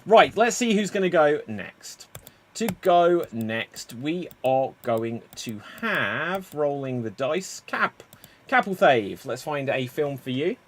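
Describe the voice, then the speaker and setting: A man hosts a live improv stream and explains the games briskly. He keeps the tone upbeat. His voice sits a little high. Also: big pitch swings. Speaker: improv show host.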